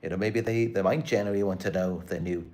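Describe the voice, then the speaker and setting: A man's voice: low-pitched, fast talker, dark tone. A man hosting his own channel, talking to camera in an earnest, repetitive, aggrieved live-stream monologue. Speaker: channel host.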